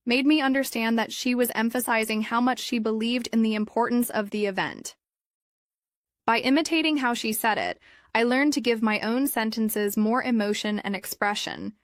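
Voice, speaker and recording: A woman narrating a scripted English listening lesson in a calm, measured, explanatory way. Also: a little high, no room sound, studio quality. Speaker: English teacher.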